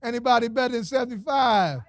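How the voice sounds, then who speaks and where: A man running a lively fundraiser auction, teasing the crowd with slang and frequent laughter. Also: very high voice, fast talker, no echo. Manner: playful, teasing, street slang, laughs often. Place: event hall with audience.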